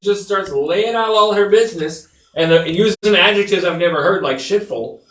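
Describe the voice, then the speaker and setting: A man with a high voice trades wry, rambling jokes as co-host of a live comedy show. He sounds echoey, set back from the mic in a reverberant room. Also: moderate pace, fairly bright tone, recorded from a distance. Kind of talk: comedic banter.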